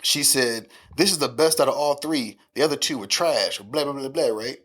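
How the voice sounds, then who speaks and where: A man around thirty tells family stories on a podcast in a casual, profane and animated way. His voice sits at a middling pitch for a man, and he laughs easily as he tells them. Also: moderate pace, husky. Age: 30s. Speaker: podcast co-host. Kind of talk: casual chat.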